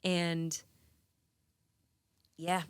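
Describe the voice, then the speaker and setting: A woman in her thirties from New England, a singer guest telling stories in a radio studio interview, animated and laughing, with lots of "like" fillers. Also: fairly low pitch, extremely slow, clear, resonant tone. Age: 30s. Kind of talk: casual interview storytelling.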